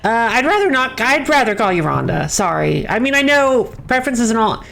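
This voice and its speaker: A woman's voice: on the high side, sing-song, a little fast, vocal fry, a bit bright. A young woman streaming a game, chatting casually, laughing often and reading the on-screen text aloud. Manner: chatty, giggly, self-correcting.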